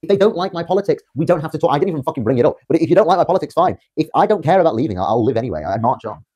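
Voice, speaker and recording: A man's voice: on the high side, expressive, racing, darkish tone, husky. A young man from Britain on a livestream, ranting defiantly with rambling restarts. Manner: rambling, repetitive, stumbling restarts.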